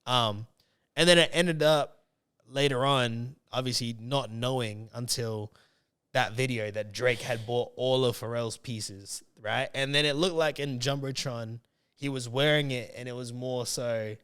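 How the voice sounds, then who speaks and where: A man's voice: mid-range voice, steady tone, unhurried, fairly bright tone, clean tone. A man hosting a podcast in casual chat, rambling with many fillers and restarted sentences. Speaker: podcast host.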